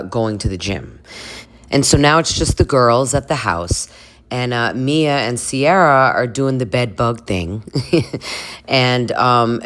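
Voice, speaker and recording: A vlogger talking through a reality show episode in a loose, gossipy way. The voice sits in an ordinary middle range. The delivery rambles, with fillers and quick laughs. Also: mid-range voice, fairly bright tone. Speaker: recap vlogger. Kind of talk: casual TV recap chat.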